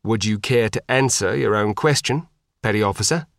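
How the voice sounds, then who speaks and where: A man voicing a calm, grave male commander who speaks in a measured, formal way. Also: on the low side, vocal fry, no room sound, studio quality.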